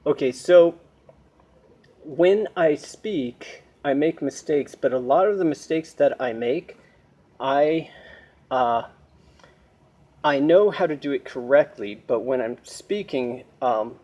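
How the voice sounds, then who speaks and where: An American man talking casually to camera in a vlog, hesitant and explanatory, with frequent pauses. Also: medium pitch, warm tone. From United States. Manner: hesitant, many ums and restarts, explaining. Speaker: language learner vlogger.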